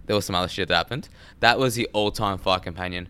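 A man's voice: deep voice, fast, bright, forceful tone, clear, resonant tone. A man chatting casually on a podcast, rambling, laughing and swearing often, on a studio mic. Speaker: podcast guest. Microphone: studio mic with headphones.

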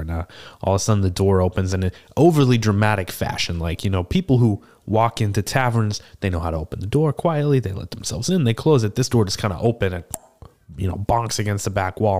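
A man's voice: sits low, a little mellow, lightly acted. A man playing a seasoned male tortle cleric who tells a tavern tale in a chatty, rambling way, full of fillers and restarts. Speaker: player character in an improvised tavern scene. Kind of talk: improvised in-character storytelling.

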